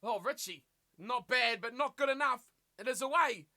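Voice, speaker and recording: A man commentating live on a rugby match for his stream, animated and full of rhetorical questions, reading viewer chat aloud and answering it. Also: very high voice, normal speed.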